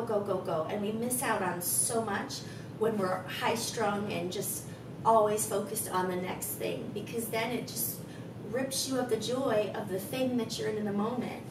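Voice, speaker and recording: A woman's voice: mid-range voice, roomy sound, recorded from a distance. A woman in her thirties with a froggy, scratchy throat, guiding a stretching routine and chatting encouragingly between cues. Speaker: fitness instructor. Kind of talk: guided stretching with chatty asides.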